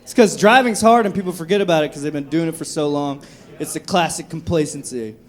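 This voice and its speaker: Holding a handheld mic on a comedy club stage, a young man runs through a profane, conversational stand-up set and acts out drunk voices. He talks fast, and his voice sits on the high side.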